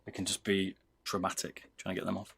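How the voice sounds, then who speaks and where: A man's voice: sits low, completely flat delivery, brisk, vocal fry, background noise. A British man chatting casually with viewers on a livestream while soldering, calling people "mate". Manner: chatty, talks to viewers, says "mate" a lot. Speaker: livestreamer modding gaming mice.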